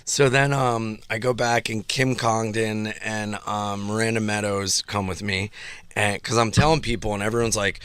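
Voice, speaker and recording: A man telling a story in casual chat, animated, acting out the voices of the people in it and laughing often. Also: on the low side, normal speed, smooth, dry recording. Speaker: guest comedian telling a story.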